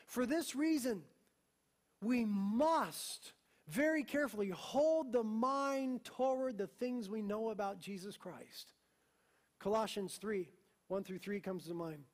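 A young adult man, a pastor preaching a sermon with passion, swinging from hushed lines to emphatic ones. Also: very high-pitched.

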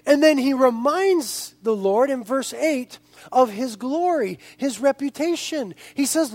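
A male pastor preaches a sermon and speaks directly to his listeners in an animated way. His voice sits very high for a man. The sound is dry and close, with no echo. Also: a little slow. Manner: animated, addresses the congregation directly.

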